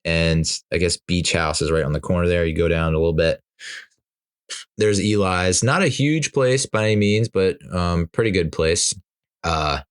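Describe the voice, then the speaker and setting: A middle-aged man hosting a podcast, telling a rambling, self-mocking story in casual monologue, laughing at himself. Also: low voice. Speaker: podcast host.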